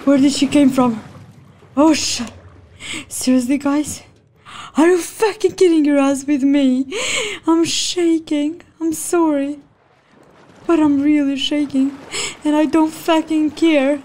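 A woman giving gameplay commentary, jumpy and swearing, gasping and yelling at the game as she plays. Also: high-pitched, fairly even intonation, slow. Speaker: gaming channel host. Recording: game sounds loud behind voice.

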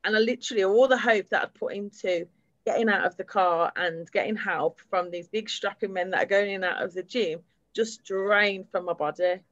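A woman's voice: medium pitch, normal speed, no room sound, dull audio. Woman giving candid personal testimony. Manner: candid, steady retelling with fillers. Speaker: survivor sharing her story. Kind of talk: personal testimony at a public event.

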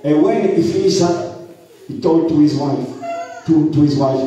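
A French man preaching a sermon in English as a pastor, halting often, repeating words and filling pauses. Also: fairly high pitch, warm tone, muffled recording, a little hiss or hum. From France. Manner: halting, repeats words and uses many fillers. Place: church hall. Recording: echoey hall, voice from far off.

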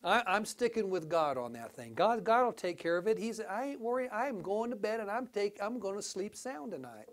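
A male pastor preaching a sermon, telling a folksy story with big swings between quiet and loud. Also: sits high, very animated, brisk, few pauses.

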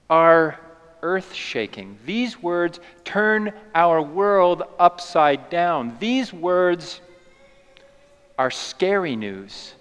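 A man preaching a sermon as a pastor, telling the story in a lively, playful way. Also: high-pitched, smooth. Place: church sanctuary. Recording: long church reverb.

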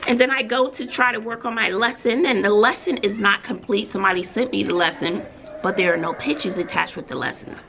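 A woman's voice: mid-range voice, a little fast, vocal fry, a little hiss or hum. A woman teacher with a Texas accent, vlogging casually from her classroom at lunch and telling stories with sudden squeals. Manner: chatty, animated storytelling with sudden squeals. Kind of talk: casual vlog chat.

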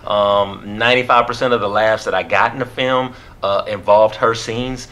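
A man's voice: on the low side, steady tone, normal speed, bright, forceful tone. A man co-hosting a movie review, chatting casually, joking and laughing often.

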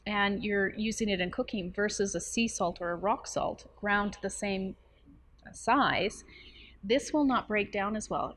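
A woman's voice: medium pitch, a bit bright. A woman who talks to camera in a chatty, explanatory way, with playful asides and a ready laugh, as a nutrition coach. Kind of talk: casual talk to camera.

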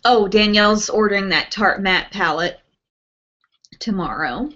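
A woman's voice: medium pitch, a little slow, sharp tone. A woman hosting a casual beauty live stream from home, chatting and reading out viewer comments with lots of ums and little laughs. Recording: dull lo-fi webcast audio.

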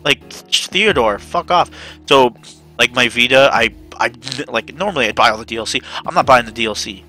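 A man streaming a game, ranting in loose profane bursts. His voice is bright and forceful, with faint game music behind. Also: mid-range voice, fairly quick. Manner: profane ranting, swearing often. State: panicked. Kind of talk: casual game stream commentary.

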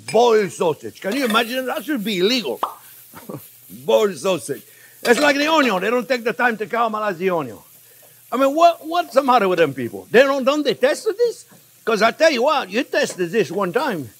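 High-voiced animated male chef. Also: slightly rough. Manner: animated, repeats phrases, chuckles, addresses viewers as friends. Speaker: chef, cooking show host. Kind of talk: casual cooking demonstration.

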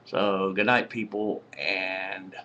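A man's voice: low-pitched, little pitch movement, slow, bright, forceful tone, lo-fi sound. A tired man rambling in a casual late-night vlog, laughing often and swearing freely. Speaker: vlogger.

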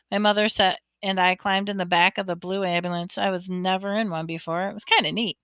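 A woman reads a children's storybook aloud with expressive narration. Her tone is bright and crisp, and the sound is dry and close. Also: medium pitch, a little fast, hardly any pauses, no echo. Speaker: audiobook reader.

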